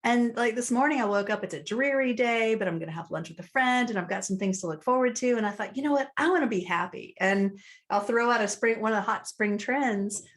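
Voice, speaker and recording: A woman's voice: a little high, brisk. American style coach lady on a video call, chatty and thoughtful, acts out her own thoughts as she talks. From United States. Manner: warm, reflective, quotes her own thoughts aloud. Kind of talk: relaxed interview chat.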